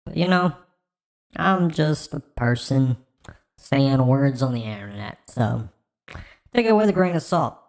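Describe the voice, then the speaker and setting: A woman's voice: very deep voice, expressive, a little slow, pauses often, a little mellow. Blunt, profane woman streamer ranting. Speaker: streamer reacting to clips. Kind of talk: casual reaction stream chat.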